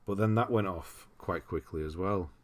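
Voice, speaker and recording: Reading viewers' lists on his livestream, a man from the United Kingdom laughs and muses aloud in a relaxed way. He speaks at a moderate pace in a low-pitched voice.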